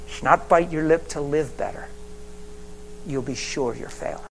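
A man's voice: fairly high pitch, moderate pace, vocal fry, pauses often, slight background noise, rough recording. A male pastor preaching a sermon in folksy, colloquial phrasing, dropping to whispers and then rising to emphatic exhortation. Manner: emphatic, swinging from hushed whispers to loud exhortation.

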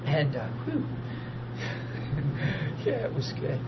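A man, preaching and telling a personal testimony, swinging from hushed talk to loud tearful laughter. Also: a little high, big pitch swings, very slow. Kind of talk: testimony storytelling. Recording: dull lo-fi audio with noise.

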